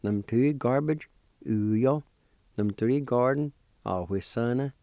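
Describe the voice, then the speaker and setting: With a warm, medium-pitched voice in a dry recording, a man gives a language lesson. He spells words out slowly and deliberately, letter by letter, pronounces them, and encourages his listeners.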